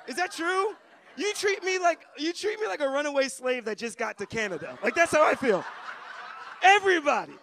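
American male stand-up, young, very high and bright voice, loose chatty crowd work on a club stage. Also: very animated, fairly quick. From United States. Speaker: stand-up comedian. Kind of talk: stand-up comedy set.

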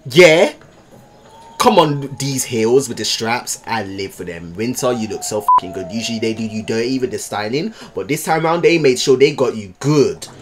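A man hosting a music video reaction, loud and excitable, swearing and jumping into high squeals. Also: normal speed, background noise. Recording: music playing behind.

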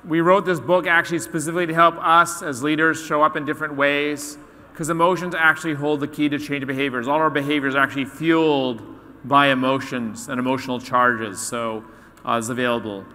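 A man giving a keynote talk to an audience, telling a story in an animated way and acting out the voices of its characters. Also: fairly high pitch, a little fast. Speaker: conference speaker. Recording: long hall reverb.

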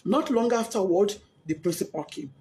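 A middle-aged woman with a Nigerian accent, a bereaved mother giving impassioned, grief-stricken testimony that swings between shouting and hushed speech, often crying. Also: mid-range voice, expressive, normal speed. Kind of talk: emotional spoken testimony. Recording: echoey room.

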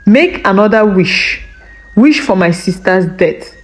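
A woman's voice: mid-range voice, expressive, slow. A woman voicing a greedy, scheming village wife who scolds and threatens sharply. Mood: malicious.

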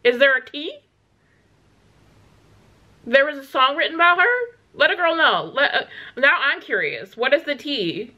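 Bright-voiced woman gushing over a song. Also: high voice, big pitch swings, unhurried, pauses often, highs cut off. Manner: gushing, exclamatory, chatty with many fillers. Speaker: reaction channel host. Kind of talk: casual music reaction commentary.

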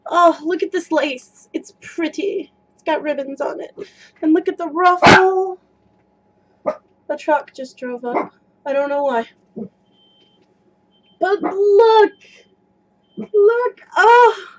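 A woman gushing and squealing as she unboxes a skirt in a home video vlog, breathless with excitement. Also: extremely high pitch, slow pace, pauses often, highs cut off.

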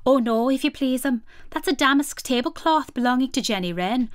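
A woman's voice: sits high, animated, brisk, no echo, studio quality. A woman voicing an anxious, stout little hedgehog washerwoman who speaks in a humble, fussy, polite country way, read aloud from a storybook.

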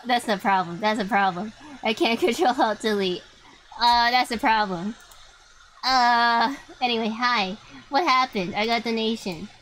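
Young adult woman, fairly high voice, excitable and foul-mouthed live game commentary. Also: a little hiss or hum, low-quality recording. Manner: excitable, swears freely, talks to chat. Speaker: streamer.

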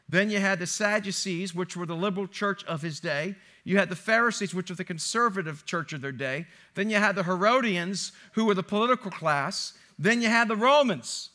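A man's voice: sits high, sharp tone. A male pastor preaching a sermon in a church, chatty and playful, joking with the congregation. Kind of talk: sermon with a joke. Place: church sanctuary.

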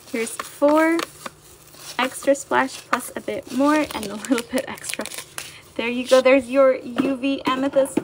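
A woman's voice: sits high, background noise. A young woman chatting casually on a livestream as she fills orders, bubbly and chatty, reading viewer comments aloud. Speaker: livestream seller.

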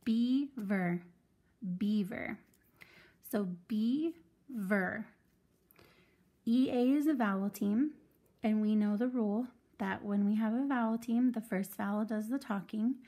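A woman's voice: a little high, moderate pace, mellow. A woman teaching a phonics lesson to children, patiently sounding out words syllable by syllable.

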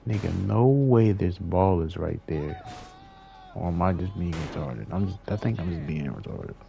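A man's voice: low-pitched, lively intonation, measured pace, gravelly, dark tone, dull audio, a little hiss or hum. A young man giving casual gameplay commentary, frustrated and swearing as he talks to himself. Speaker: gaming streamer.

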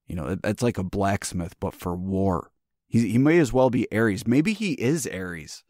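Podcast host, man, very low voice, swears freely, dry close sound. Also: expressive, measured pace, darkish tone, no room sound. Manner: profane, joking. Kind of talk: casual chat.

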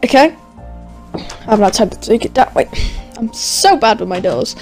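A woman gaming YouTuber narrating a Minecraft role-play in an excitable, self-narrating way with squeals and gasps. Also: a little high, normal speed, faint music behind.

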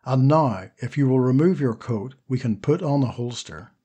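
A man reading the part of a calm, precise old male weapon shopkeeper in an audiobook, low and quiet. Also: normal speed, husky. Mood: courteous.

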